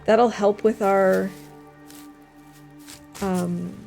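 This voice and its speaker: Chatty woman streamer over soft music. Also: medium pitch, fairly even intonation, extremely slow, creaky. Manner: chatty, reads chat aloud, soft asides. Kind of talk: casual gameplay commentary.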